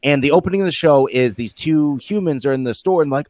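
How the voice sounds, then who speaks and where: A man's voice: a little high, quick pace, a little mellow, no room sound, studio quality. A man in a casual quiz chat, rambling enthusiastically through a story with plenty of swearing. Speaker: quiz player.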